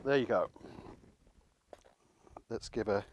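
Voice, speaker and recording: A man's voice: fairly low pitch, takes it slowly, darkish tone, slight background noise. A man from England hosting a home cooking video, talking casually and rambling a little as he cooks and tastes. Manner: chatty, rambling, self-deprecating. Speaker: cooking channel host.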